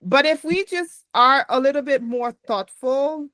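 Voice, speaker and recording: A woman's voice: sits high, a little slow, sharp tone, no echo. A woman hosting a podcast, talking in an earnest, reflective way. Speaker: podcast host. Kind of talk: casual podcast conversation.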